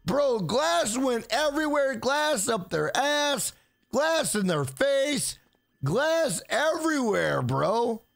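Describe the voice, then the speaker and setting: A man streaming a video game live, swearing freely and loudly hyping up his donors. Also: very high-pitched, very animated, slow pace, vocal fry, dry recording, faint music behind. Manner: profane, hyped, shouts out donors. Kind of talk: live gameplay stream chat.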